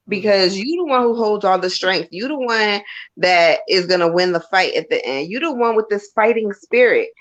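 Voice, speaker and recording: A woman co-hosting a live stream, giving tarot readings in an emphatic, repetitive, encouraging way. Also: mid-range voice. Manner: emphatic, repeats key lines. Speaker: tarot reader and co-host. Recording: dull lo-fi stream audio.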